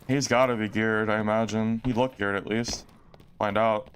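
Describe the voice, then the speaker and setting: Excitable male game streamer. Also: on the low side, normal speed, noisy background. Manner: excitable, exclaims and laughs often. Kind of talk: casual gameplay streaming.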